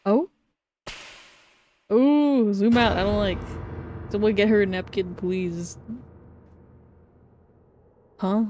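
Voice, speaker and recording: A woman's voice: mid-range voice, takes it slowly, pauses often, mellow, slight background noise. A woman streamer reading game dialogue aloud and reacting, easily frightened and jumpy. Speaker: streamer playing a horror visual novel.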